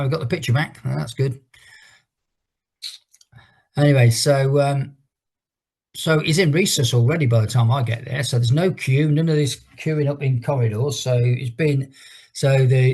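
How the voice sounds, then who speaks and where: A middle-aged fitness instructor with a husky, slightly breathy, warm voice at an ordinary male pitch leads an online exercise class over a video call. He chats and rambles through a story, breaking off now and then to count down the exercises.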